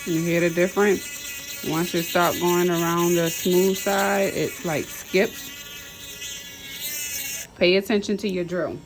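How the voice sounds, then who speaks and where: Demonstrating drill work for a class, this nail tech repeats each step in a relaxed, chatty manner sprinkled with Southern slang. Her voice sits on the low side with fairly even intonation and a slightly slow pace, over background noise and a whirring drill.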